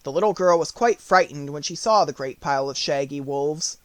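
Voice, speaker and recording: A man reading an audiobook, narrating the story in clear, even tones. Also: fairly high pitch, normal speed, no echo.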